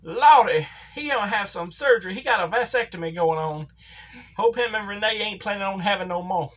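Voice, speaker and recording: A woman's voice: mid-range voice, a little fast, natural voice. A woman voicing a folksy Southern older male wrestling commentator, calling a toy figure match with a thick put-on drawl and country grammar. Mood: excited ringside. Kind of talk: comedic ringside commentary.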